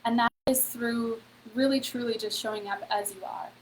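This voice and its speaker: A woman's voice: on the high side, steady tone, moderate pace, slight background noise, low-quality recording. A woman hosting a casual live-stream motivational talk, chatty, with lots of "like" and "okay?" and talking straight to her viewers. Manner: chatty, heavy on "like" and "okay?", addresses viewers directly. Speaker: host of a free online event.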